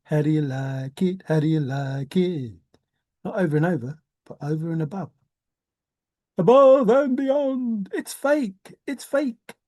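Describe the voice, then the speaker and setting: A woman's voice: sits low, lively intonation, normal speed, mellow, no echo. An older woman rambling to herself in a musing monologue, repeating words in a singsong way and humming. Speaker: treasure hunt vlogger.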